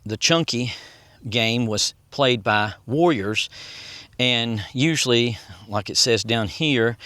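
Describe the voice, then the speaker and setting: An easygoing man with a drawl talks his way around an outdoor historic site, reading the plaques aloud between casual asides. His voice sits at an ordinary middle pitch, and his delivery is relaxed and unhurried. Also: no echo. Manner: easygoing, rambling, reads signs aloud. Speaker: vlogger and tour guide. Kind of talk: casual touring commentary.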